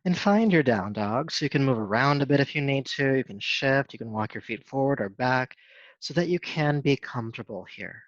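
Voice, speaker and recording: A man teaching a yoga class, giving calm, steady cues with soft hums between poses. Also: medium pitch, moderate pace, no room sound. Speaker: yoga instructor. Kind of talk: guided yoga class instruction. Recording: dull, dry sound.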